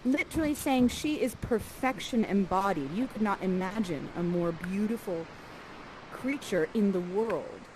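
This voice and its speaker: A woman coaching actors through a scene, lively and acting out lines for the performers. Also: mid-range voice, unhurried, noisy background.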